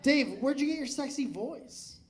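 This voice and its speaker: A man's voice: very high-pitched, lively intonation, a little slow. A man doing stand-up comedy crowd work on a live stage, joking loosely, swearing and laughing often. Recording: noisy live club recording.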